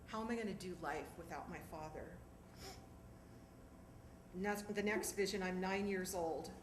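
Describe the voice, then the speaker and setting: A woman's voice: on the low side, unhurried. Woman telling a memoir on a theatre stage. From Southern California. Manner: animated, acts out voices. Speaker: storyteller performer. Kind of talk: one-woman stage monologue. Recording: echoey theatre with background noise.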